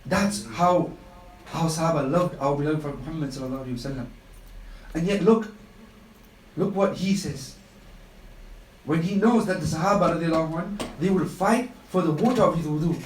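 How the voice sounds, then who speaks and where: High-voiced man giving an impassioned radio talk. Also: brisk, long pauses, reverberant, recorded from a distance, slight background noise, poor audio. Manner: impassioned storytelling with emphatic repetition. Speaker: Islamic speaker on a radio show. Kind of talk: live radio religious talk.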